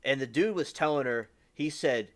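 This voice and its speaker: A man's voice: medium pitch, moderate pace. A man from the US South hosting a livestream, rambling casually with lots of fillers and restarts. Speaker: livestream host.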